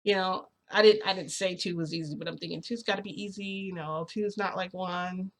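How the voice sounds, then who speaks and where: A woman vlogger casually telling her viewers a long personal story, chatty and full of fillers, getting excited as she goes. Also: on the low side, brisk. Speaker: vlogger recounting a reality shift.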